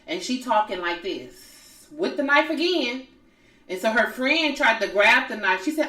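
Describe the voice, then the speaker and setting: A woman's voice: on the high side, measured pace. A woman co-hosting a podcast, casually retelling reality TV drama and acting out the people she quotes. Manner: animated storyteller, acts out the people she quotes. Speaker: podcast co-host. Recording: roomy sound, distant from the mic.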